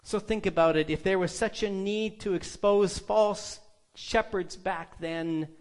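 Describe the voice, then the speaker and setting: A man's voice: sits high, a little slow. A male pastor preaching a sermon, emphatic and putting rhetorical questions to the congregation.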